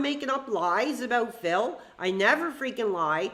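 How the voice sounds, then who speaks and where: A woman's voice: a little high, animated, measured pace, fairly bright tone. A woman hosting a live stream with fan call-ins, talking in a heated, ranting way with frequent swearing. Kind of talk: live-stream chat with fans.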